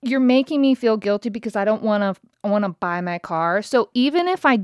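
A woman's voice: medium pitch, animated, brisk, no room sound, studio quality. A woman in her thirties hosting her own podcast, telling a story in a chatty, exasperated way and swearing freely. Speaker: podcast host. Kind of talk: casual storytelling monologue. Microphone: podcast mic.

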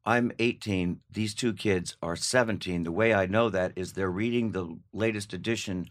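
An older man telling an animated anecdote in a casual chat, laughing as he goes. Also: low-pitched, normal speed. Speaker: guest.

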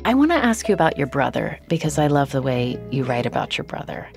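Lively low-voiced woman interviewer. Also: quick pace, vocal fry, over music. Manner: curious, lively questioning. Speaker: interviewer, radio host. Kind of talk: interview and scripted narration.

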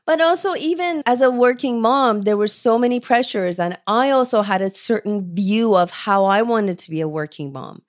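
A woman's voice: mid-range voice, moderate pace, hardly any pauses. A woman in her forties from Canada, an ADHD coach telling her own story in an interview, acting out remembered dialogue. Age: 40s. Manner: expressive, acts out quoted dialogue.

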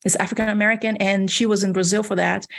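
Female guest, health coach; husky tone, animated casual storyteller who acts out dialogue. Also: medium pitch, fast talker. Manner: animated, acts out quoted dialogue, frequent restarts.

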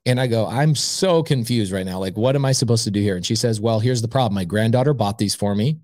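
A man's voice: on the low side, quick pace, dry recording, clean studio sound. A man guest on an interview podcast, telling a long personal story and acting out every side of the conversation. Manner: animated storyteller acting out both sides of a conversation. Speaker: podcast guest, real estate investor.

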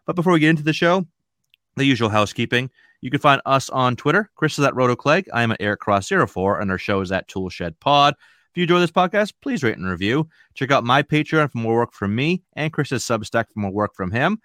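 A man with a New England accent hosting a fantasy baseball podcast in a chatty, relaxed way. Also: medium pitch, brisk, dry recording, clean studio sound. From Maine. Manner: chatty, relaxed, rambling with fillers. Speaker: podcast host. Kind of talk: casual podcast chat.

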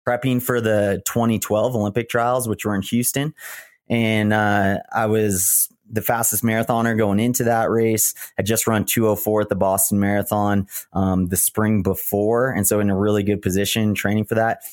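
A man's voice: fairly low pitch, level tone, normal speed, no room sound, clean studio sound. A man in his thirties, a retired runner telling earnest, reflective stories in a podcast interview. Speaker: guest, retired marathon runner.

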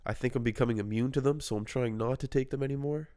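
A man's voice: mid-range voice, fairly even intonation, fast talker, mellow. A man hosting a casual podcast chat with a stuffed-up nose, talking in a rambling, self-deprecating way. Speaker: podcast host.

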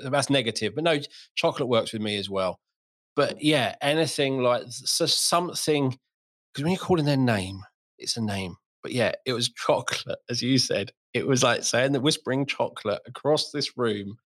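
A man's voice: medium pitch, normal speed. A middle-aged man hosting a podcast, chatting casually and acting out little scenes as he tells stories. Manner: animated storytelling, acts out voices. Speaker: podcast host. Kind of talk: casual chat.

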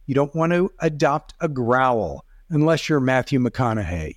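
A man's voice: mid-range voice, lively intonation, unhurried, no room sound, studio quality. A middle-aged man, a video coach, explaining as a podcast guest in casual talk, demonstrative with rising and falling emphasis.

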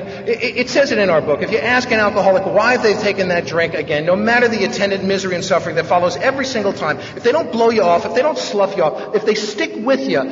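Man from the Bronx, fairly high voice, wry joking storyteller at a recovery meeting, caught from afar in a big echoing hall on a dull recording. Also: a bit bright, a little hiss or hum. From the Bronx, New York. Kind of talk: personal recovery talk, humorous storytelling. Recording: echoey hall, distant mic, dull sound.

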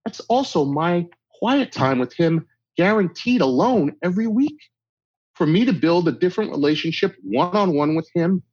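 A man's voice: high voice, animated, moderate pace, a little mellow, breathy edge, no room sound. A middle-aged man talking bluntly and emphatically in an interview, giving tough-love advice. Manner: blunt, emphatic tough-love delivery, acts out quoted exchanges. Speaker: guest speaker. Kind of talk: conversational interview talk. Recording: dull lo-fi dry recording.

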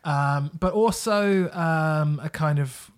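A man co-hosting a music podcast, speaking in loose, casual chat. His speech is full of "like" and "um", and he swears freely when he gets excited about a band. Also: on the high side, slow pace. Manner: eager, sweary, filler-heavy. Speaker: podcast co-host.

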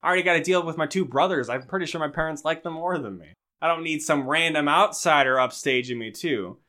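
A man's voice: fairly high pitch, fast, sharp tone. A young man co-hosting a podcast, telling a rambling, self-deprecating story in casual chat. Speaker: podcast co-host.

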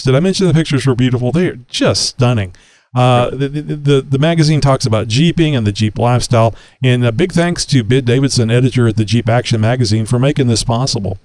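A man's voice: medium pitch, darkish tone, no room sound. A man co-hosting a casual talk podcast, joking and laughing, with frequent fillers. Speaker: podcast co-host.

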